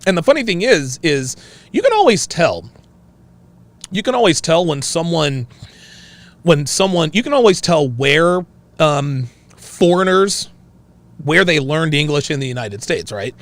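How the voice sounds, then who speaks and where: A male host chats with his livestream audience, joking and laughing as he reads comments. His voice sits slightly high and swings widely in pitch, while his pace stays slow. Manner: animated, joking, laughs often.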